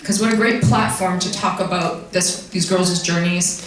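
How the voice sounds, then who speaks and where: A woman's voice: lowish voice, steady tone, normal speed. A woman on a convention stage telling a personal story in a chatty, self-deprecating way, open about getting emotional, heard from a distance in a large hall. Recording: echoey hall from far off.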